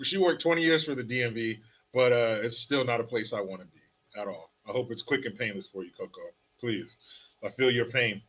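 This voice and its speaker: A man with a bright, cutting voice that sits a bit high for a man hosts a loose live stream. He reads off viewer names and hometowns and tosses out quick sarcastic jokes in an easy, casual way. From California. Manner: joking, sarcastic, reads chat names aloud. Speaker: live-stream host reading viewer comments.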